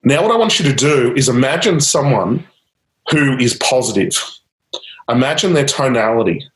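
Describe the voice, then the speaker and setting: In a roomy, echoing space, a male change-technique coach walks a client through a live exercise, using repeated prompts and now and then a quick laugh. His voice is medium in pitch and expressive.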